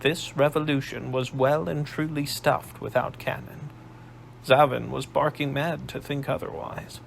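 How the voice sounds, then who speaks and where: A man narrating an audiobook in a measured storytelling manner. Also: mid-range voice, vocal fry, slight background noise, poor audio.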